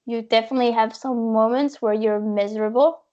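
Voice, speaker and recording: Animated woman guest, slightly high voice. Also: brisk. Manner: animated, acts out quoted voices, laughs often. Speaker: podcast guest, expedition kayaker. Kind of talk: casual storytelling interview. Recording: dull lo-fi audio.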